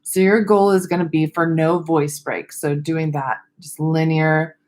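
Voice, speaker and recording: A young woman teaching vocal exercises in a casual online webinar, relaxed and self-deprecating, with a little vocal fry at the ends of her sentences. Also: low-pitched, measured pace. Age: young adult. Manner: friendly, loose, laughs at herself, demonstrates vocal exercises. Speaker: speech therapist.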